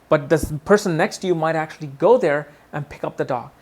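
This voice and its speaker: A man teaching an astrology lesson in a lively way, often acting out what people say and repeating his words. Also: fairly high pitch, quick pace. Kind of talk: video lesson.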